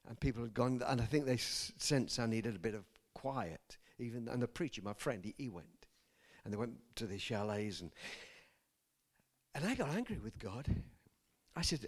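A man's voice: medium pitch, animated, normal speed. A man preaching a personal testimony to his congregation, earnest and direct, breaking off to question his listeners and stumbling over words when moved. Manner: earnest, speaks straight to the congregation with asides and questions.

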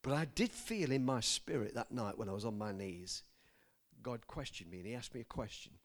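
A man with an expressive, medium-pitched voice and moderate pace preaches his personal testimony to his congregation. Earnest and direct, he speaks straight to them with asides, breaks off to question his listeners, and stumbles over words when moved.

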